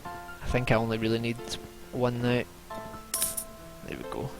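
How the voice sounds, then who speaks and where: Young gamer, gravelly, casual muttering commentary, loud game music behind. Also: male voice, medium pitch, fairly quick, pauses often. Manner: chatty, mutters to himself while playing. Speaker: let's play gamer.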